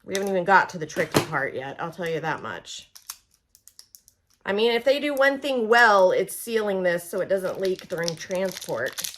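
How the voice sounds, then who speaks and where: Over a noisy background, a woman from Oklahoma chats through a casual product demonstration in a lowish voice with big pitch swings at normal speed. Folksy and friendly, she talks right to viewers as if they were pals.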